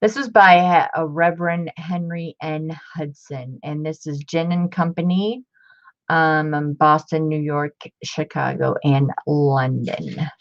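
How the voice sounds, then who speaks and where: A woman in her fifties, chatty and excitable, showing off old books in a casual vlog. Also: low-pitched, slow. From Ohio. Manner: chatty, excitable, muttering asides. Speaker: book collector vlogger. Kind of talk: casual show-and-tell. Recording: dull lo-fi home recording.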